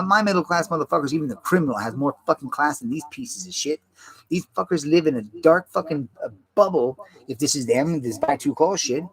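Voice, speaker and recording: A man delivering a rambling, agitated monologue, swearing constantly and repeating himself. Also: medium pitch. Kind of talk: rambling profane rant.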